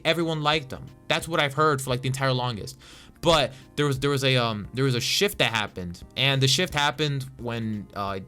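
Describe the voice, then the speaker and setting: A young male vlogger rants about politics in a loose, profane way, stammering and restarting as he goes. His voice is bright and forceful, and faint music plays underneath. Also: medium pitch. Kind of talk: casual political rant.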